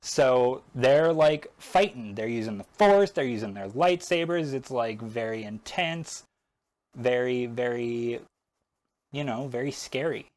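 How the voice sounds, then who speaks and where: A man's voice: mid-range voice, animated, measured pace, darkish tone. A man vlogging while he paints, recapping a film in a sarcastic, rambling way full of "like".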